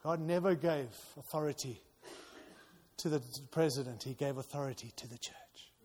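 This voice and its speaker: A male pastor preaching a sermon to his church, urging loudly at times and dropping to quiet intensity at others. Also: on the high side, moderate pace, slight background noise. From outside the United States. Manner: impassioned, swings between loud urging and quiet intensity. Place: church hall. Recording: long reverb of a large hall.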